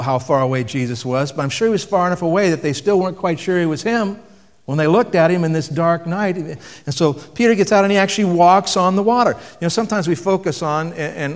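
A man preaching a sermon in a conversational way, asking the audience questions and dropping his voice for emphasis. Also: fairly high pitch. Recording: long reverb from a hall.

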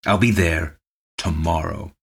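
Guy reading as a hot-headed bully of an official, deep voice, barking threats. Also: steady tone, unhurried, vocal fry, breathy edge, heavily acted. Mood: angry. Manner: threatening, shouting. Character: hot-tempered blustering male government inspector.

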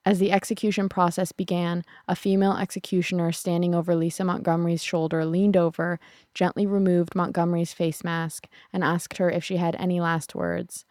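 A woman narrating a true crime podcast in a somber, measured way. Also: fairly low pitch, level tone, darkish tone, dry recording, clean studio sound.

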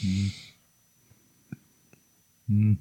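A man's voice: drawn-out words, warm tone, no echo. A man co-hosting a podcast, bantering bluntly and crudely. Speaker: podcast co-host. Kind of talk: casual chat.

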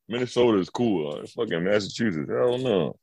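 Husky man laughing through a story. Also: lowish voice, lively intonation, normal speed, darkish tone, no echo. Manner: laughing storyteller, mimics friends. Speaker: podcast co-host. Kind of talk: casual chat.

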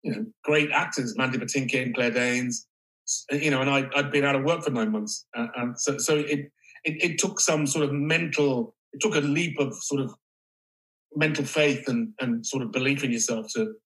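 A male actor speaking as an interview guest, halting and reflective, with casual swearing. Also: mid-range voice, a bit bright, poor audio. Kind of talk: candid interview conversation.

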